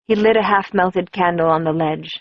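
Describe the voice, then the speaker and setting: A woman reading a first-person audiobook in a measured storytelling manner. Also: fairly low pitch, dry recording, lo-fi sound. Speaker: audiobook narrator.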